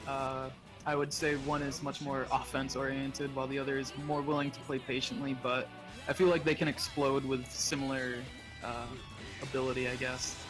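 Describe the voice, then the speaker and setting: A man commentating a fighting-game tournament live, relaxed play-by-play with short excited calls. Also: medium pitch, normal speed, poor audio. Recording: commentary over game music.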